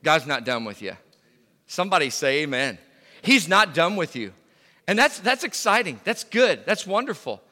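A man's voice: fairly high pitch, very animated, moderate pace, pushed and bright, long reverb tail. A male pastor preaching a sermon in a conversational way, full of fillers and restarts. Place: church sanctuary.

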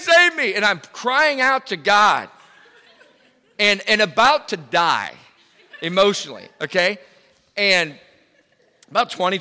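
A middle-aged man preaching a sermon, telling a personal story in an animated way, repeating words and bursting into loud cries. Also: a little high. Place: church hall. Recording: reverberant hall.

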